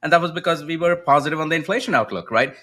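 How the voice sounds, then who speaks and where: A man co-hosting a casual finance podcast, walking through economic data and often checking in with a quick "right?". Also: fairly high pitch, bright, forceful tone. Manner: explanatory, data-heavy, asks rhetorical "right?". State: coughing, slightly choked up. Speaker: co-host, macro strategist. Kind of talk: casual market podcast chat.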